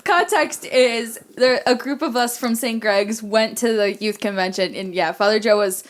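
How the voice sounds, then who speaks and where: A woman co-hosting a casual podcast chat, telling a story in a relaxed way with hesitant fillers and laughter. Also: a little high, moderate pace. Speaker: podcast co-host.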